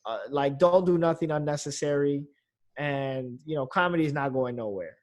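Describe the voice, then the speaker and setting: A man's voice: a little high, moderate pace. A man, a comedian, chatting casually on a podcast in a loose, rambling way, full of fillers and the odd curse. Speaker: comedian guest.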